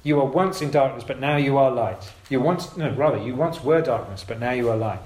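A man's voice: mid-range voice, a little fast, darkish tone. A man giving an informal sermon to his congregation, talking in a conversational, emphatic way and often correcting himself. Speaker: preacher. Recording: roomy echo.

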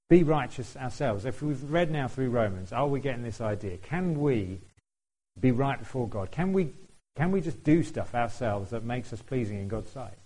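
A man's voice: mid-range voice, warm tone, rough recording. A man preaching a sermon in a conversational way, putting questions to the congregation and laughing now and then.

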